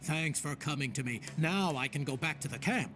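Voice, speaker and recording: A man's voice: fairly high pitch, moderate pace, pushed and bright, soft background music. A male actor playing a camp dweller in a fantasy game, speaking plain game dialogue. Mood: relieved.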